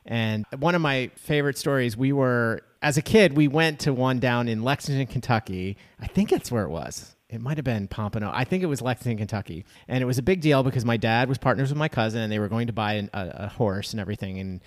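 A man's voice: mid-range voice, animated, quick pace, hardly any pauses. A man co-hosting a podcast, telling a long story in casual chat, rambling with restarts and acting out quotes. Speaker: podcast co-host.

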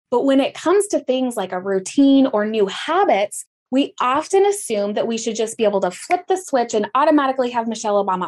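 A woman with a somewhat high voice talks in a relaxed podcast chat. She tells her story with animation, and her voice jumps up to stress points. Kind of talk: casual podcast conversation.

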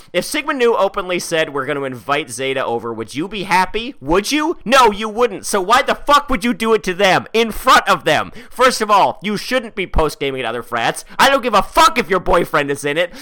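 A man's voice: high voice, pushed and bright. A man hosting a podcast, doing a profane, ranting dramatic reading of an email. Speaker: podcast host.

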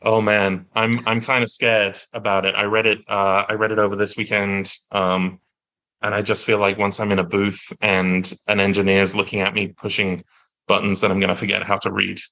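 A man's voice: fairly low pitch, level tone, moderate pace, bright, forceful tone, poor audio. A man, a guest actor, chatting on a podcast in a self-deprecating, joking way with many restarts. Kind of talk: casual podcast chat.

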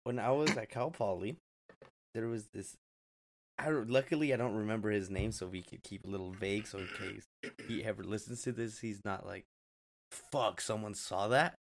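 A man's voice: fairly low pitch, moderate pace. A man in his twenties co-hosting a casual podcast, telling a funny story in a laid-back, slangy way and laughing through it. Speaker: podcast co-host.

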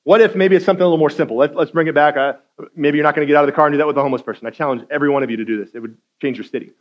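Preaching man with a slightly high voice. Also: very fast, highs cut off. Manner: conversational preaching with acted-out quotes, climbing to loud intensity. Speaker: guest speaker. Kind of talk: sermon.

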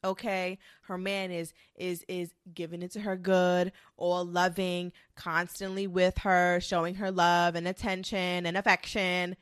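Sassy young woman venting to camera, profane and animated, dry close recording. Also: lowish voice, unhurried, hardly any pauses, clear, resonant tone, dry recording. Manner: sassy, profane, animated storytelling with mocking quoted voices. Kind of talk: ranting commentary monologue.

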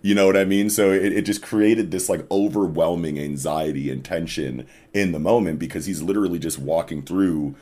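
A young man chatting on a podcast about manga, enthusiastic and full of "like" fillers, dropping low and quiet on serious points. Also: steady tone, moderate pace, hardly any pauses. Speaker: podcast co-host.

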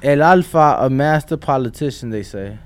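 A man co-hosting a podcast in relaxed, casual chat, steering the talk and reading out viewer messages. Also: mid-range voice, moderate pace. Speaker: podcast co-host.

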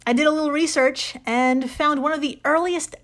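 A woman's voice: high-pitched, steady tone, moderate pace. Laughing young woman who swears casually. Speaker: podcast co-host. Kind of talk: casual chat.

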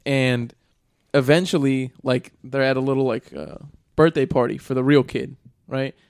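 A man's voice: medium pitch, steady tone, moderate pace, creaky, darkish tone, clear, resonant tone, dry recording, clean studio sound. A young man casually retelling a film plot on a podcast, rambling and swearing, with lots of fillers. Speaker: podcast co-host.

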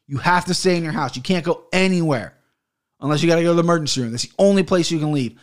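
His voice a little high and racing, a man hosts his own podcast from a home studio office. He rants heatedly and curses often, using a studio mic on an arm.

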